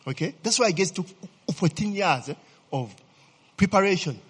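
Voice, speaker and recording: Animated pastor preaching in a reverberant hall. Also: male voice, high-pitched, moderate pace, slightly rough. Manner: animated, asks the congregation to fill in words, frequent "eh?" tags. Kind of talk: sermon. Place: church hall. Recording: long reverb of a church hall.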